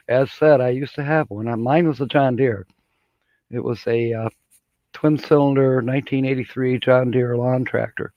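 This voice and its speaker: A middle-aged man from Michigan chats on his live stream in a folksy, rambling way and chuckles often between thoughts. His voice sits at an ordinary pitch. The audio is dry and a little dull, like a basic home computer mic. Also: no echo. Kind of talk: casual live-stream chat.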